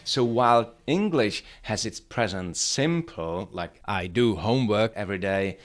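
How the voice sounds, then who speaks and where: A man teaching a grammar lesson, explaining upbeat and clearly, step by step. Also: lowish voice, expressive, unhurried. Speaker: language teacher.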